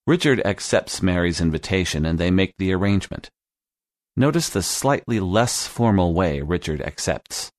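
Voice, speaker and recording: A man narrating a scripted English lesson podcast in a slow, clear teaching manner. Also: low voice, animated, no room sound, studio quality.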